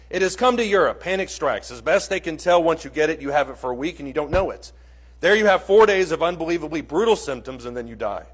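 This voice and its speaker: Husky man telling a vivid story. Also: on the high side, lively intonation, quick pace. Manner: earnest and vivid, addressing listeners directly. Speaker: Bible class teacher. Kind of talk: dramatic storytelling to a class. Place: church classroom.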